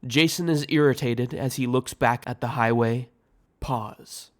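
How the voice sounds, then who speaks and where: A man reading aloud the scene directions of his own audio screenplay in a measured way. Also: medium pitch. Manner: slow, measured. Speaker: writer and director narrating.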